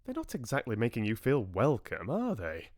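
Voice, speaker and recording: A man voicing Lottie, a brisk, skeptical young woman friend, while reading a novel aloud. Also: medium pitch, huge pitch swings, no echo, studio quality.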